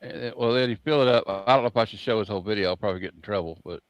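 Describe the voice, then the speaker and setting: A man hosting a relaxed chat show, talking through a video on screen. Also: on the low side, very fast, clear, resonant tone, no room sound, dull audio. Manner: easygoing, narrates what is on screen. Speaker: host. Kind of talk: casual chat while showing videos.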